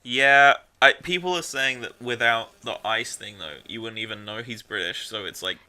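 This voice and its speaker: A young man co-hosting a podcast in casual chat, rambling and halting, often laughing. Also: mid-range voice, bright, forceful tone, no echo. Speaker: podcast co-host.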